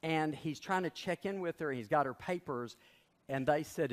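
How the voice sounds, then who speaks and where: A man's voice: on the high side, moderate pace. Storytelling male preacher in a reverberant church. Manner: animated storytelling. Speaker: pastor. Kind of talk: sermon. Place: large church. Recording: long reverb of a large church.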